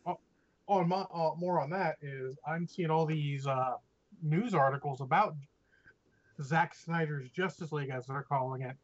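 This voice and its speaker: Opinionated, swearing male podcast co-host; slightly high voice, muffled lo-fi recording. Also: moderate pace. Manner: opinionated, profane, rambling. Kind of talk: casual chat. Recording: dull lo-fi audio.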